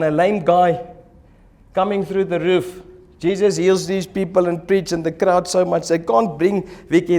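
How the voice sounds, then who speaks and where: A male pastor preaches in church, animated and lively as he acts out the people in his stories. His voice sits on the higher side for a man. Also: vocal fry. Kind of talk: sermon.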